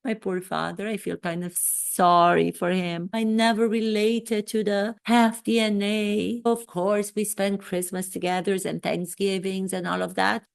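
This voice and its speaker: A vain royal duchess who used to act chatters on in a breezy, self-absorbed ramble, put on by a woman as a comic impression. Her voice sits at a middling pitch. She drops famous names freely. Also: level tone, unhurried, creaky, hardly any pauses. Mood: chatty. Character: vain, gushing royal duchess and former actress, adult woman.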